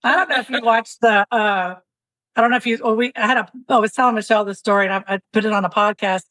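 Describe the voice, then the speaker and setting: A woman in her fifties spins a candid, comic story on a podcast, voicing both sides of the conversation and swearing freely. Her voice sits a little high for a woman, and the recording is close and dry with no room sound. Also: fast talker, fairly bright tone, no echo, poor audio. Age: 50s. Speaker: podcast guest.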